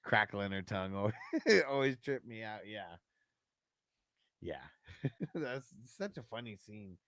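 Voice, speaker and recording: A man's voice: fairly low pitch, very animated, slow, a bit bright, no room sound, clean studio sound. A man hosting a livestream in casual chat, laid-back, swearing freely and saying "man" and "dude" a lot. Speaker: livestream host.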